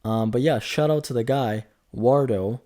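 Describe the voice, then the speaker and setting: At a normal speed, a man in his twenties with a mid-range voice and dark tone chats through a casual solo podcast as host. He rambles, jokes around, and corrects himself as he talks.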